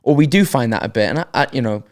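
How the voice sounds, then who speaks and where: A man's voice: mid-range voice, animated, fast talker, darkish tone. A man co-hosting a podcast, talking casually and thinking aloud with hesitant restarts. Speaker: podcast co-host. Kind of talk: casual reflective chat.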